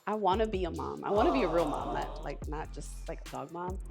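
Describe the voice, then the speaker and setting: A woman's voice: low voice, lively intonation, fast, creaky, over music. A woman co-hosting a podcast, complaining in an exasperated, swearing, casual way. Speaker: podcast co-host. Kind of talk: casual group chat.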